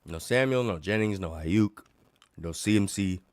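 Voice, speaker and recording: Middle-aged man, low voice, sick and coughing, sarcastic rant, livestream host, dry close mic. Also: normal speed, no room sound. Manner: animated, sarcastic, worked up. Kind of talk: casual ranting chat.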